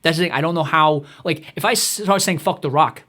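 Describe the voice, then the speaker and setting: Guy ranting fast and cursing, fed up with everything, kinda high voice. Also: pushed and bright. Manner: rapid, exasperated, swearing tirade. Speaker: comedic ranter. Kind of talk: profane comedic rant.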